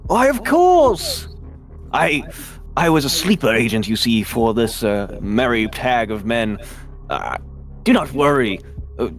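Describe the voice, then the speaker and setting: Brief: a man playing a bluffing soldier leader, grand and rousing, animated delivery. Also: medium pitch, unhurried, faint music behind. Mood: smug. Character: smooth-talking male soldier leader making speeches.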